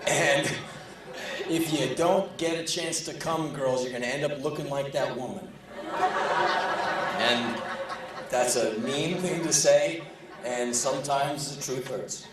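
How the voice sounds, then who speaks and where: A man's voice: mid-range voice, slow pace, long pauses, over a noisy crowd. A man performing a profane, sardonic spoken word story on stage. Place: large live venue. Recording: echoey live hall, distant, audience laughing.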